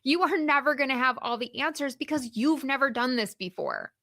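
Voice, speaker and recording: Bright-voiced, upbeat woman coach. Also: sits high, expressive, no echo, clean studio sound. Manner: encouraging, emphatic, slows down to stress points. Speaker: podcast host and career coach. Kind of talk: solo motivational podcast.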